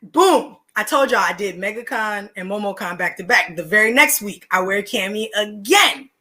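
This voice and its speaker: A woman's voice: medium pitch, normal speed. A young woman, a podcast guest telling stories in casual, slangy chat and laughing between lines. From Philadelphia, USA. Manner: animated, slangy, laughs mid-story.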